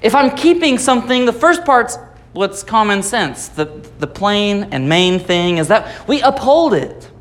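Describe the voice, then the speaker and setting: Guy preaching in church, high-ish voice, explains slowly, says things twice. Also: animated, fairly bright tone. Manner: explanatory, repeats phrases for emphasis. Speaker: pastor. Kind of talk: sermon.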